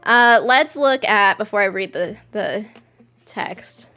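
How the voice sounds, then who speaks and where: A young woman hosting a casual livestream chat, excitable and quick to burst into squeals and laughter. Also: medium pitch. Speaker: livestream host.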